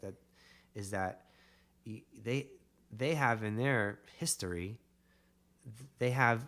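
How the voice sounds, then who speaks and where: Male podcast guest, low register, rambling animated storyteller. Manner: animated, rambling, with emphatic bursts.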